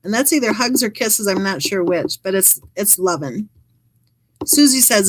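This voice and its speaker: A woman's voice: mid-range voice, normal speed, no room sound, rough recording. A woman hosting a true crime channel, reading live chat comments aloud and adding wry, chatty asides.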